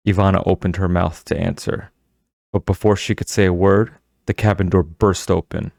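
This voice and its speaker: A man narrating an audiobook in a steady, measured storytelling manner. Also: deep voice, vocal fry, no room sound, clean studio sound.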